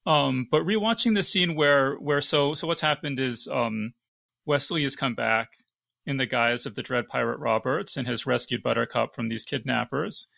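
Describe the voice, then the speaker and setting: A man with a gravelly yet bright voice hosts a podcast chat. He asks thoughtful, probing questions and works through his thoughts aloud. The sound is close and dry. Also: mid-range voice, normal speed, no echo. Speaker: podcast host. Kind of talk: casual discussion.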